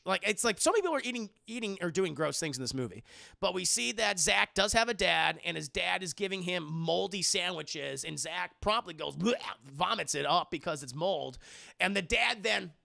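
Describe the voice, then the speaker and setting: A man's voice: high-pitched, expressive, a little fast, creaky, pushed and bright. A man streaming a casual film recap, talking in a profane, rambling way.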